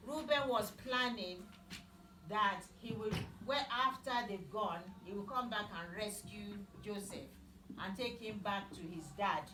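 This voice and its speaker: Slow-talking woman telling Bible stories. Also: mid-range voice, noisy background. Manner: slow, simple wording, asks children questions. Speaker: Bible teacher. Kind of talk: Bible storytelling for children. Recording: echoey room, mic far off.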